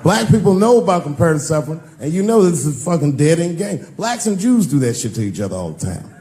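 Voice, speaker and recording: A man's voice: a little high, sing-song, fast, mellow. A male stand-up comedian riffing on stage in a punchy, conversational way. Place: live stage show.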